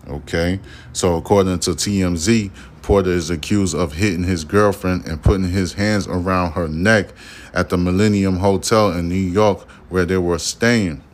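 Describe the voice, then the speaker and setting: A man with a lowish voice hosting a casual news podcast. He talks in a loose, street-style way, full of profanity, and keeps circling back to the same point. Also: fairly even intonation, normal speed, a little hiss or hum. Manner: loose, profane, acts out imagined dialogue. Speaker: podcast host.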